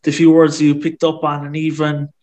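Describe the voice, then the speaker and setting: A man with a Kerry accent hosting an interview, asking easygoing, halting questions. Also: a little high, completely flat delivery, darkish tone, highs cut off. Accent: Irish, Kerry. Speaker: podcast host. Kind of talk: casual interview.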